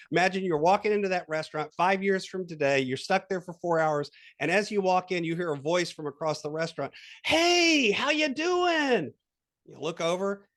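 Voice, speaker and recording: A man who is a guest coach on a podcast interview. He walks the listener through an exercise with animated storytelling and quoted voices. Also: sits high.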